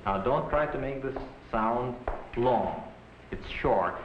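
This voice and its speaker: A man's voice: medium pitch, noisy background. Man teaching in a roomy 1960s classroom. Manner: patient, instructive, deliberate. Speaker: language professor. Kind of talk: classroom pronunciation lecture. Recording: muffled roomy 1960s film soundtrack.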